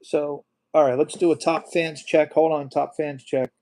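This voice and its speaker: Middle-aged male live stream host; warm low-key tone, emotional, reads viewer comments aloud. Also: little pitch movement, moderate pace. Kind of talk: casual live stream chat.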